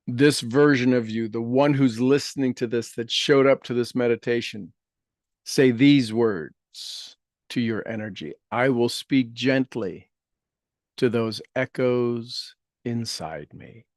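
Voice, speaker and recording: Slow, gentle man guiding a meditation. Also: medium pitch, no room sound, clean studio sound. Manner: slow, gentle, repeats each affirmation in trailing soft phrases. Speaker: meditation leader. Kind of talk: guided meditation with spoken affirmations.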